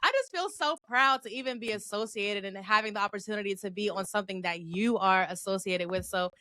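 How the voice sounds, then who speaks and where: A woman's voice: medium pitch, a little fast, sharp tone, dry recording. A woman co-hosting a casual sports talk show, speaking effusively. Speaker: co-host.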